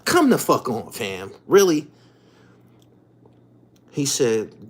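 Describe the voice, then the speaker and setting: A man hosts his own channel in a loose, profane monologue full of street slang. His husky voice is very animated, pitch leaping high and low as he swings from low mutters to loud emphatic outbursts, speaking slowly with long pauses.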